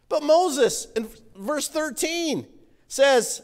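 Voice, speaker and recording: A male pastor preaching a sermon, animated as he reads scripture and comments on it. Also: sits high, a little slow. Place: church sanctuary. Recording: reverberant church hall.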